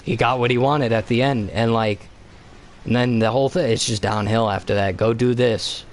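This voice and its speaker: A man's voice: mid-range voice, steady tone, moderate pace. A man streaming a video game, rambling in casual chat with heavy swearing and lots of fillers.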